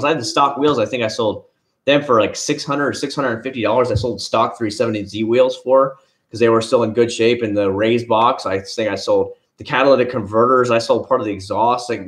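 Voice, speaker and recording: A middle-aged man casually chatting on a live stream, rambling from story to story, greeting viewers by name and swearing freely. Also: medium pitch. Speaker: car vlogger reading live chat.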